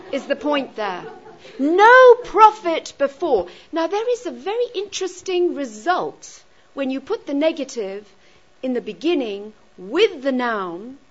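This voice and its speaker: Animated woman teaching a class. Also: high-pitched, highs cut off. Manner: checks in with rhetorical questions. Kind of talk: classroom lecture on grammar.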